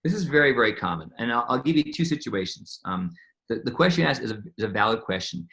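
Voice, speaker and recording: A man's voice: medium pitch, big pitch swings, quick pace, fairly bright tone. A man being interviewed as a medical scientist, telling stories in a rambling, conversational way with many restarts and repeated words.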